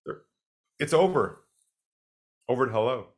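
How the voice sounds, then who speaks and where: Calm, deliberate man explaining sales. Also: medium pitch. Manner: calm, deliberate, mimics people he quotes. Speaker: sales expert guest. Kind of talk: interview, teaching sales.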